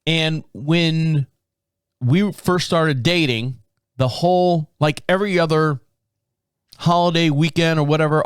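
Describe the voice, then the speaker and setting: A man in his fifties chats alone into a close podcast mic, his voice pitched a little high for a man. He rambles and stumbles over restarts, chuckling at his own jokes. The sound is dry, with no room behind it. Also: lively intonation, a little slow, clear, resonant tone, no room sound. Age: 50s. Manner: rambling and self-amused, chuckling through frequent restarts. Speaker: podcast host. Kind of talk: casual solo chat.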